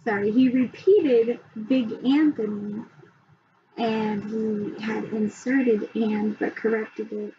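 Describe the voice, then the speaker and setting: A woman presenting a reading assessment, talking slowly with many pauses and ums. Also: fairly high pitch, steady tone. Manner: slow, hesitant, many ums. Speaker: student presenter. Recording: dull lo-fi sound, faint background hum.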